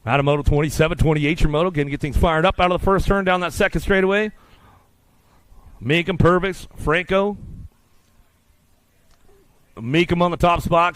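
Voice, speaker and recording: Rapid-fire BMX race announcer, crisp voice. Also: male voice, a little high, steady tone, fairly bright tone, no room sound. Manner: rapid rhythmic announcer patter. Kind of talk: live BMX race commentary. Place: outdoor BMX track.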